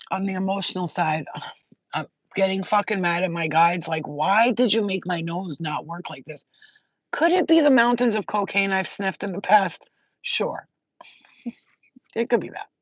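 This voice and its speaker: A woman's voice: fairly low pitch, no echo. Rambling young woman channeling, dull dry sound. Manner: rambling, emotional, swears and laughs a lot. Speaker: spiritual channeler. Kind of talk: casual intuitive reading.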